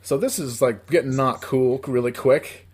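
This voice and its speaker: There's a little hiss or hum behind this medium-pitched man speaking at a normal speed. He's a podcast co-host in his thirties from upstate New York, laughing often as he tells a long, rambling story in a casual, profane manner.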